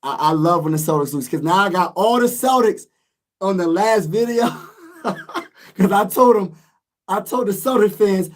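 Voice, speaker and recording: A man ranting to his viewers as a sports vlogger, excitable and repetitive, his voice hoarse from screaming. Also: high voice, normal speed. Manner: excitable, repeats himself, talks straight to viewers. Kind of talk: casual fan rant to viewers.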